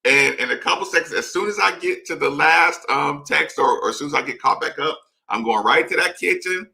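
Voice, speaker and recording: A man's voice: a little high, lively intonation, fairly quick, gravelly, noisy background. A man hosting a casual late-night live show, rambling as he reads and answers chat comments.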